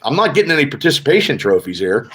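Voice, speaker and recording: Medium-pitched and sing-song, a fast-talking man hosts a casual live sports podcast over background noise. It's a live-stream chat where he rambles, swears, and trash-talks rival fans.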